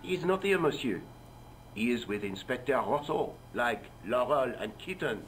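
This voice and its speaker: A man's voice: medium pitch, animated, normal speed, fairly bright tone, slight background noise, natural voice, poor audio. An actor playing a sarcastic middle-aged French desk policeman in a game, with a French accent and a dry, mocking manner.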